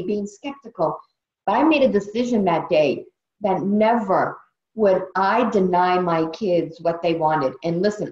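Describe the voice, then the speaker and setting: A woman's voice: medium pitch, a little mellow. Woman host, tired and heartfelt, repeats herself for emphasis; roomy, muffled call sound. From Brazil. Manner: earnest, emotional, repeats phrases for emphasis. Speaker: training host. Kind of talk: motivational team training on a video call. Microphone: video call. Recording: dull roomy video call audio.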